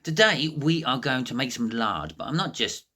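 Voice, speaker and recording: A man's voice: medium pitch, expressive, moderate pace, bright, forceful tone, breathy edge. A man hosting his home cooking channel, chatting to camera in a nervous, rambling way with lots of false starts, from his living room. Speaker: cooking and prepping channel host. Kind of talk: casual to-camera chat.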